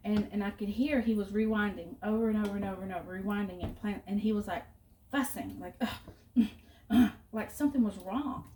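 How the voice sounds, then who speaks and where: A woman's voice: mid-range voice, fast talker, a little mellow, far from the mic. A middle-aged woman talks casually while she cooks, drifting into rambling stories between steps. She stands a little back from the mic in a roomy home kitchen. Faint ambient noise sits behind her. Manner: chatty storyteller, rambling asides. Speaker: cooking vlogger. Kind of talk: casual chat while cooking.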